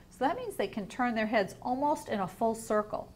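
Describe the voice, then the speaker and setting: A woman teacher reading a picture book aloud to young children, explaining words gently and asking them questions. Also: a little high, animated, normal speed, hardly any pauses, slight background noise.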